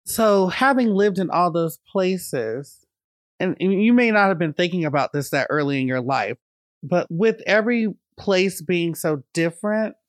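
A woman's voice: lowish voice, animated, no echo. Thoughtful woman host, dry close sound. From Bolivia. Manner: thoughtful, measured questions. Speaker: podcast host. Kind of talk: interview questions.

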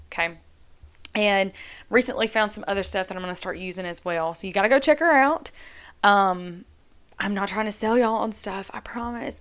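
A woman hosting a solo podcast, talking earnestly and casually to her listeners. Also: medium pitch. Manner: earnest, chatty, addresses listeners as y'all. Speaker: podcast host.

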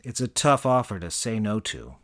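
Brief: middle-aged male comic narrator, deadpan, self-aggrandizing, lowish pitch. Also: normal speed. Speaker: comedic narrator. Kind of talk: scripted comedic narration.

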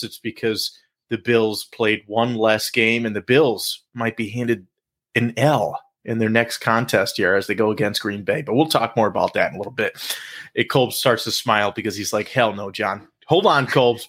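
A man hosting a sports talk show, playful and animated, stretching out hype calls and joking with his co-host. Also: mid-range voice.

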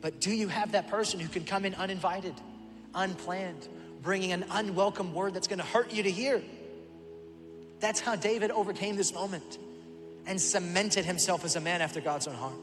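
Male pastor, sermon, animated storytelling, higher pitch, long hall reverb, faint music. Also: moderate pace. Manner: animated storytelling with acted-out voices. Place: church auditorium.

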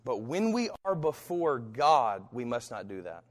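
A pastor preaching a sermon and telling a personal story with animation, acting out the voices of people in it. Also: male voice, medium pitch, very animated, measured pace. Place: church. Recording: reverberant hall.

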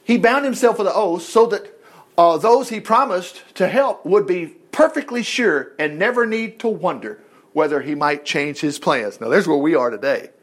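A man preaching a sermon in an animated way, acting out the voices of churchgoers as he reads and explains scripture. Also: high-pitched, moderate pace.

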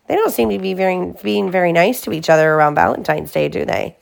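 A mother reading a storybook aloud to her children at home, gentle and pausing to ask them questions. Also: fairly low pitch, creaky.

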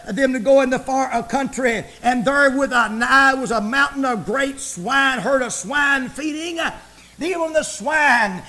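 Man, very high voice, pastor, fiery sermon, rhythmic cadence, repeated phrases, builds to shouts. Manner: repeats phrases, frequent "praise the Lord".

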